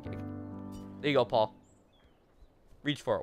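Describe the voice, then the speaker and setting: A man's voice: mid-range voice, normal speed, darkish tone, soft background music. A young man doing playful gameplay commentary as a let's play host, teasing and mock-dramatic, talking straight to the game characters.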